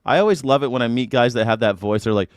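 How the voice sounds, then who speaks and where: A man's voice: mid-range voice, fast, dry recording, clean studio sound. A man hosting a casual livestream reaction show, chatting with his viewers and cursing freely. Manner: chatty, cursing, talking to chat. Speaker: livestream host.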